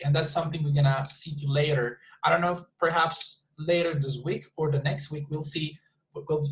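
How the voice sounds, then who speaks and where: Over a video call, a man teaches an online English class with a slightly raised, a little high voice on a rough recording. He explains patiently, repeats words often, says "you see" and "super" a lot, and keeps checking that students are following.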